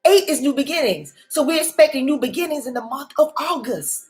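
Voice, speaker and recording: With soft music faintly in the background, a woman in her forties or older gives a motivational faith talk as a life coach, preacher-style, repeating key words for emphasis. Her slightly high voice is expressive and quick, with almost no pauses.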